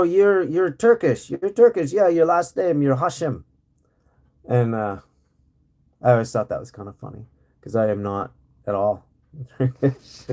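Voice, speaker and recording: A man talks loosely to his live-stream viewers from home, his voice dark and mellow at a middling pitch. He rambles from one thought to the next, filling gaps with "uh" and "like", and laughs easily. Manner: rambling, laid-back, laughs often, many fillers. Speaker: livestream host. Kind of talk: casual live-stream chat. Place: home in rural area.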